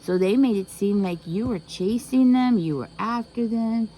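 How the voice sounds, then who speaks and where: A woman's voice: a little high, moderate pace, mellow, a little hiss or hum, poor audio. Emphatic woman giving a tarot reading. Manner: emphatic, repeats herself, asks rhetorical questions. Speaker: tarot reader.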